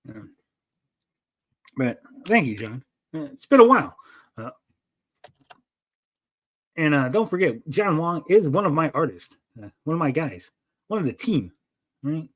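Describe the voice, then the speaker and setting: A man's voice: fairly high pitch, very animated, measured pace, long pauses, husky. A man hosting a casual livestream, rambling and joking as he reads out chat messages. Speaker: livestream host.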